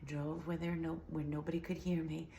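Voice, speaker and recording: A woman's voice: deep voice, flat delivery, brisk, gravelly, echoey room, very noisy. A woman vlogger in a casual, earnest talk to camera, rambling with many fillers, her voice slightly sore. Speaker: healing vlogger.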